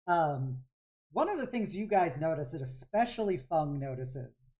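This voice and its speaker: Low, slow-talking woman game master. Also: big pitch swings, warm tone. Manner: rambling, filler-heavy description. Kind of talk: narrating a tabletop game.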